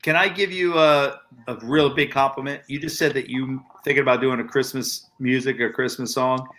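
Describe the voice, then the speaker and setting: A man's voice: mid-range voice, fairly even intonation, normal speed, a bit bright. A man in his forties hosting a casual group chat, telling stories animatedly and laughing often. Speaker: podcast host.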